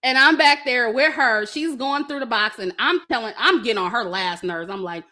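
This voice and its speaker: A woman's voice: on the high side, lively intonation, normal speed, few pauses, sharp tone. A young woman telling a story to her viewers in casual, profane chat, laughing often and acting out her family's lines. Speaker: vlogger.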